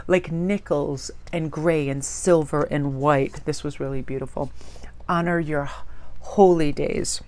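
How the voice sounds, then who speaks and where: A woman tarot reader chatting casually as she shows a tarot deck, gushing and rambling. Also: deep voice.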